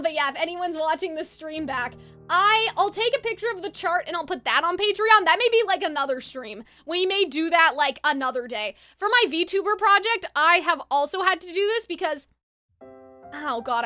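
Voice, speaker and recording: A woman's voice: high-pitched, animated, fairly quick, pushed and bright, faint music behind. A woman streamer in casual live-stream chat, talking in a rambling, chatty way and often correcting herself.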